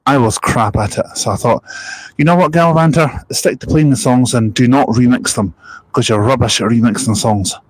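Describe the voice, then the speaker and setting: A man's voice: medium pitch, steady tone, moderate pace, husky, no echo, poor audio. A Scottish man chatting casually on a bus-spotting live stream, reading out viewer comments in a jokey, rambling way. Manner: jokey, rambling, laughs at his own stories.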